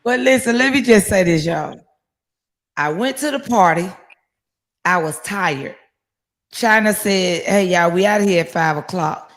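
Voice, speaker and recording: Animated woman telling a story. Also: fairly low pitch, measured pace, long pauses. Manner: animated storyteller, acts out quotes, swears casually. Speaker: guest, raffle winner. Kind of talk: casual storytelling.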